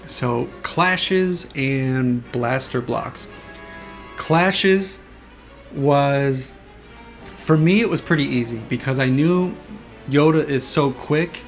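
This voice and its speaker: A man's voice: medium pitch, takes it slowly. Man explaining his sound design, faint music. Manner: enthusiastic, imitates swing sounds with his voice. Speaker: saber sound font designer. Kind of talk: casual explainer talk.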